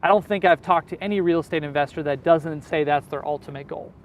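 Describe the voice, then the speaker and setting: Easygoing man, higher voice, outdoors. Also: quick pace, slight background noise. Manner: easygoing, explains with everyday examples. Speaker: real estate investor guest. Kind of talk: casual interview answers.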